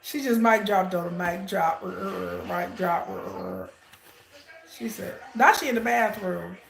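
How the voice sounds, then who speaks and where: Gravelly woman reacting out loud. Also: on the low side, takes it slowly, reverberant, slight background noise. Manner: animated, exclamatory, repeats words. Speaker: reaction video host. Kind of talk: casual reaction commentary.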